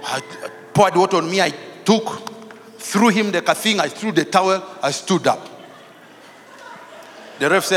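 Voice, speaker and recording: Man, pastor preaching, high bright voice, long hall reverb. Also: moderate pace. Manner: animated, acts out dialogue, shouts for emphasis. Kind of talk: preaching with storytelling. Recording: large hall with reverb, faint music.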